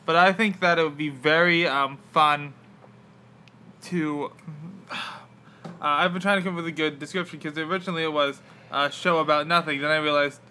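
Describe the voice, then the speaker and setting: A man's voice: a little high, steady tone, a little hiss or hum. A young man hosting a casual podcast, rambling with many fillers and restarts, on painkillers after wisdom teeth removal. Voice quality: bright, halting delivery with many fillers. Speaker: podcast host.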